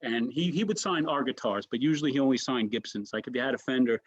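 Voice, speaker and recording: This comedian guest has a mid-range voice and a quick pace, spinning anecdotes in a relaxed interview. He restarts his sentences often and drops in "right?" asides, animated throughout. The audio is dry and sounds dull.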